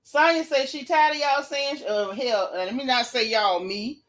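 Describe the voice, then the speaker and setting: Woman dishing reality tv gossip, sassy, bright voice pitched a bit high. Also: moderate pace. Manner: sassy, chatty, Southern Black vernacular on purpose. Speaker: reality TV recap host. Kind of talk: casual gossip recap reading live chat.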